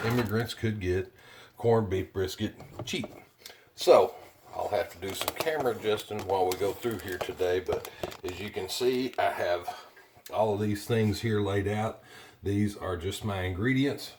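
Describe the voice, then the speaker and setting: A man's voice: fairly low pitch, noisy background. A man hosting a casual home cooking video, talking in a chatty, plainspoken way with frequent fillers.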